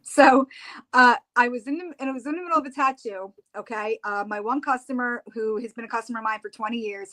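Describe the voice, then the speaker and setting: A woman telling a story in casual chat, animated and laughing as she acts out what people said. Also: a little high. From United States. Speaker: tattoo artist and paranormal investigator.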